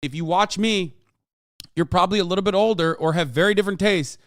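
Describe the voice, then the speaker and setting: A man in his thirties talks straight into the mic on a live stream, his voice smooth and resonant with a dry, close sound. He rants, swears freely and leans hard on his points between "uh"s and "like"s. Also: high-pitched, fast, a bit bright, no room sound. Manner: profane, emphatic ranting with many fillers. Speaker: streamer reacting to a clip. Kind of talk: casual live-stream commentary.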